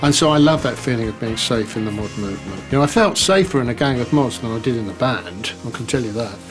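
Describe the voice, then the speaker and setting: A man's voice: medium pitch, quick pace, over music. A man reflecting candidly in an interview.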